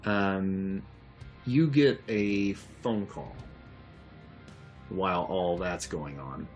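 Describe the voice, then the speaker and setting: A man's voice: deep voice, drawn-out words, muffled recording, soft background music. A man narrating a tabletop game as game master, rambling and hesitant. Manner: rambling, hesitant with many fillers.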